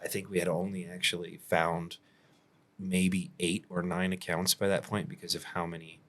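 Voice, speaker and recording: Deep-voiced, laid-back contractor telling stories. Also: male voice, little pitch movement, moderate pace, fairly bright tone. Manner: laid-back, chuckles often, many fillers. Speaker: roofing contractor, podcast host. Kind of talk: casual podcast storytelling.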